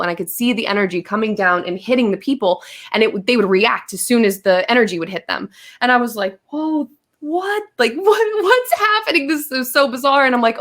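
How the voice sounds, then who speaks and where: A woman's voice: medium pitch, fairly bright tone. A woman guest on a podcast, telling a long story in casual chat, acting out her own quotes with lots of fillers.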